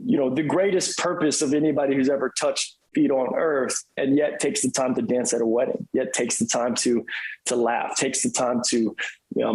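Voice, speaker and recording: Husky, animated pastor guest. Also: male voice, mid-range voice, low-quality recording. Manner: animated, enthusiastic storytelling with quoted voices. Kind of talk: casual conversational interview.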